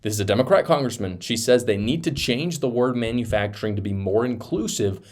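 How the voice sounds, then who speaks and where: Animated male political commentator. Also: medium pitch, brisk. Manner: animated, incredulous, laughs mid-sentence. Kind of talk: reaction commentary.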